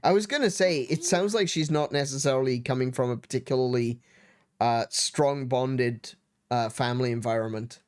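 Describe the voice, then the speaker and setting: A woman's voice: very deep voice, normal speed, darkish tone. A woman streaming a game and reacting in a chatty, emotionally invested way. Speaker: let's play streamer. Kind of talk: game commentary.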